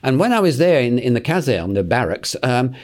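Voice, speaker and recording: Older gentleman, eighties, mid-pitched voice; rambling, chuckling anecdote-teller who trips over his words. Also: very animated, fairly quick. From England. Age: 80s. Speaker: interview guest. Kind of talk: anecdotal storytelling in conversation.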